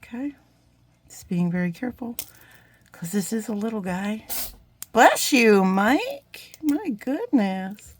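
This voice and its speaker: A woman's voice: on the high side, sing-song, takes it slowly, pauses often, slightly rough. A woman chatting casually while demonstrating a jewelry craft, rambling and getting sidetracked in a friendly way. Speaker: jewelry-making YouTuber. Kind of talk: casual crafting tutorial chat.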